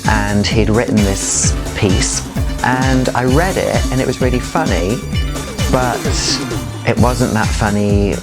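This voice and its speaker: A man's voice: fairly low pitch, takes it slowly, loud music behind the voice. A man from England, a drag performer, telling his story in a candid documentary interview.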